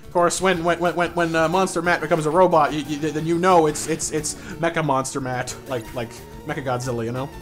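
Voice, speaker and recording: A man live-streaming a game and reading chat aloud, talking fast and excitably, stuttering and repeating words, laughing often. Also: fairly high pitch, faint music behind.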